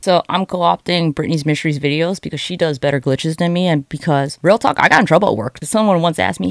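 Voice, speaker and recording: A woman's voice: on the low side, fast talker, gravelly, few pauses, no echo. A young woman giving sarcastic, profane, rambling comedic commentary over online videos.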